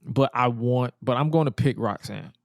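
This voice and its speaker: A man's voice: medium pitch, moderate pace, vocal fry, no room sound. A young man co-hosting a wrestling podcast in loose casual chat, slangy and given to repeating himself. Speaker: podcast co-host.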